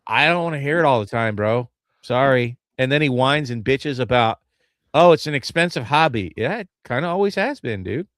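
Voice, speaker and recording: A blunt man talking at an ordinary pitch, trading casual opinions on a podcast. His voice sounds dry and close, with no room echo. He is dismissive and swears freely. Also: lively intonation, fairly quick, fairly bright tone. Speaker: podcast co-host.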